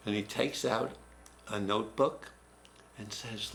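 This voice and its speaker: A man in his seventies, a writing teacher, telling a personal story in a reflective, halting way. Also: fairly low pitch, fairly even intonation, fairly bright tone. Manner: reflective, halting, restarts mid-word. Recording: roomy echo, faint room noise.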